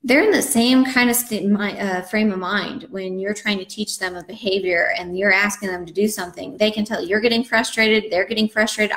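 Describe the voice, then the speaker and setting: A woman dog trainer explains canine behavior in a chatty, conversational way, with plenty of fillers. Her voice sits at an ordinary middle pitch. The room around her is roomy and echoey. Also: moderate pace, a bit bright. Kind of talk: live webinar lesson. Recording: roomy echo.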